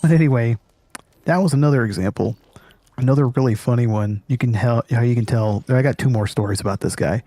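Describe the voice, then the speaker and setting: A man's voice: medium pitch, a little fast, warm tone, no room sound. A man hosting a gaming channel, telling a story casually, laughing often and swearing freely. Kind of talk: casual storytelling over gameplay.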